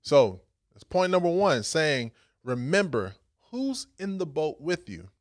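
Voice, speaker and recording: Animated young man preaching. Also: a little high, measured pace, dry recording, clean studio sound. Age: young adult. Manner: animated, conversational, with casual fillers. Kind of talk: sermon.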